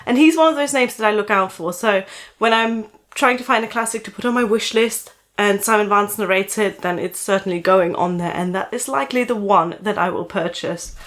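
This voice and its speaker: A woman with a slight German accent, a book vlogger casually recommending audiobook narrators and pausing often to think. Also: mid-range voice, a bit bright. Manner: thoughtful, with frequent "uh" pauses.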